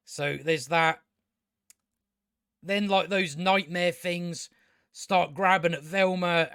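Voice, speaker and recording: A man's voice: a little high, a bit bright, no room sound, studio quality. A man reviewing a TV show in a casual rant, blunt, scornful and full of swearing.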